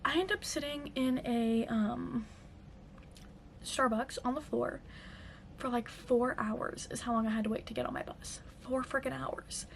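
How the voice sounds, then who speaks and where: A young woman with a high voice chats through a storytime for her vlog, full of "like" and filler words. The recording has a faint hiss of background noise behind her. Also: a little slow, gravelly. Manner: chatty, lots of fillers and "like". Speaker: vlogger. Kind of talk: casual storytime chat.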